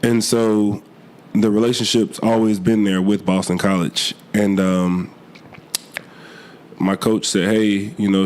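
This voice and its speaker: A young man, a college football player, answering interview questions earnestly, a little hoarse from a cold, with many fillers and restarts. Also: fairly low pitch, darkish tone. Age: young adult.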